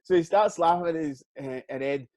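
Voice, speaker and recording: Animated Scottish man telling stories. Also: fairly high pitch, a little fast, no echo. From Scotland. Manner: animated, swears freely, acts out quotes. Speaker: guest, retired footballer. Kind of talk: casual storytelling interview.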